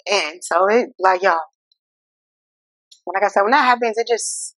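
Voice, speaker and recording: A woman hosting a casual self-help talk. She speaks in an animated, incredulous way, addresses viewers as y'all, and. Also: mid-range voice, a little slow, long pauses, dry recording. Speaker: host.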